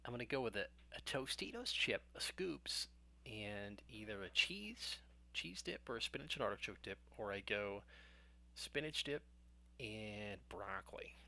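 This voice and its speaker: Chatty bright-voiced man hosting a stream. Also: lowish voice, expressive, a little slow, creaky. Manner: chatty, rambling and self-joking. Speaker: live stream host. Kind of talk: casual chat with live viewers.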